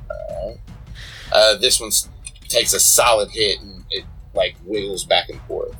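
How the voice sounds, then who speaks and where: A man with a fairly low voice runs a tabletop game as its game master. He narrates in a relaxed, easygoing way, chuckling and filling his pauses with plenty of uhs. Faint music plays underneath him. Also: gravelly, poor audio. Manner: relaxed, chuckling, many fillers.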